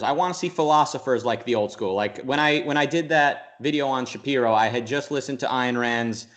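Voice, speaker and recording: A man being interviewed, speaking at an average pitch in a loose, rambling way. He restarts his sentences often and jumps into quick mock voices to make a point. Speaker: interview guest. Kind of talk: casual conversational interview.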